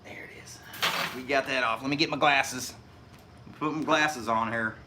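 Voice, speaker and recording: A man's voice: mid-range voice, fairly even intonation, moderate pace, background noise. A middle-aged man with a Hoosier accent from Indiana, chatting casually on his live stream while he works, folksy and rambling with frequent chuckles. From Indiana, USA.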